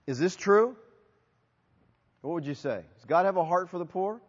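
A pastor delivering a conversational sermon to his congregation, telling stories and sometimes acting out shouted lines. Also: high-pitched, lively intonation, moderate pace. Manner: conversational, storytelling with acted-out shouts. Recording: dull, lo-fi audio with long hall reverb.

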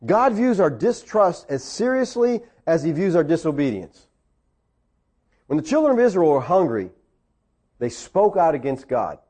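A middle-aged man preaching a sermon, animated, with jokes and acted-out quotes. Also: fairly high pitch, normal speed. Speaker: pastor.

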